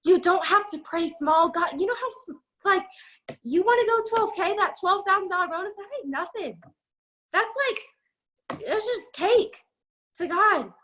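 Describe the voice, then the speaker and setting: A woman's voice: very high voice, lively intonation, fairly bright tone, a little hiss or hum. A young woman leading a network marketing team, giving an emphatic, breathless motivational talk on a video call. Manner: fast, emphatic, preachy pep talk.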